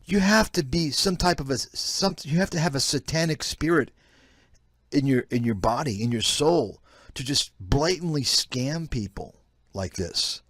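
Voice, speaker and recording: A man's voice: on the high side, expressive, a little slow, a bit bright, dry recording, studio quality. Blunt, scornful man ranting. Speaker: host, investment analyst. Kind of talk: live-stream commentary reacting to clips.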